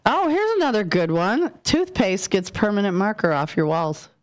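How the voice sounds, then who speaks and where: A woman's voice: medium pitch, very animated. Lady morning radio cohost, chatty and playful, banter in the studio. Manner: chatty, playful, quick to laugh along.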